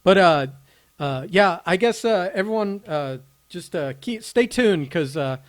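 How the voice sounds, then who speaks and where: A man chats on a podcast in a halting way, stopping for "uh" again and again. His voice sits fairly high, and he teases dryly. The sound is close and dry, with no room echo. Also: animated. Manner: halting, full of "uh" fillers, dry teasing. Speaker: podcast co-host. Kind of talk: casual chat.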